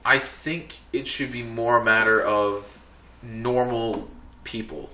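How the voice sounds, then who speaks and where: A man's voice: mid-range voice, steady tone, slow, bright, forceful tone, a little hiss or hum. A man from the United States hosting a casual podcast chat, rambling with lots of fillers and restarts. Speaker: podcast host. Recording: echoey room.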